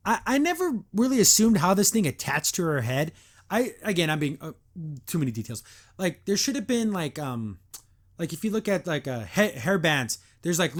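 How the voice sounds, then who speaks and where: A man hosting a podcast, reviewing a cartoon episode in a casual, animated, digressive way with mock exasperation. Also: fairly high pitch. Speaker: podcast host.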